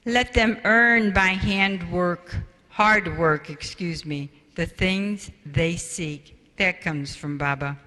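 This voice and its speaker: Speaking slowly in a fairly low voice with a sharp tone, an older woman tells stories in a spiritual parenting talk. She animates the quoted voices, and her words echo in a reverberant hall before the audience.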